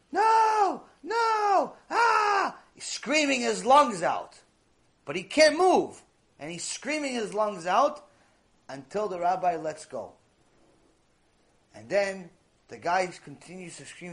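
A man with a high voice delivers a Torah lecture that mixes teaching with storytelling. His voice swoops up and down constantly and stays animated, and he repeats key phrases to drive his points home.

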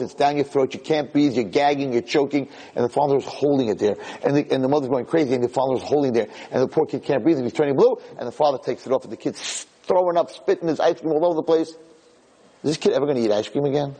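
A man, a rabbi, giving a lecture as an animated storyteller who acts out voices. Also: medium pitch, fast, husky.

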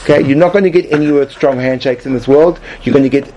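This man speaks fast, his medium-pitched voice dark in tone, presenting a tongue-in-cheek comedic class. He rambles, restarts, repeats himself, and leans on "like." The audio is muffled, with a little hiss or hum.

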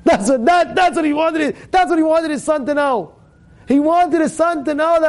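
A man's voice: extremely high pitch, normal speed. A man teaching a Torah class, impassioned and repetitive, acting out the voices in his stories. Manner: impassioned, repetitive, acts out dialogue. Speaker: rabbi giving a Torah class.

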